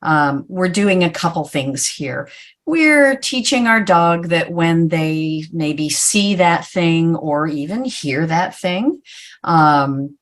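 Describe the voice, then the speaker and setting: A woman's voice: low voice, lively intonation, slow pace. A woman dog trainer explaining in a hesitant way, with many fillers and restarts. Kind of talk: casual webinar chat.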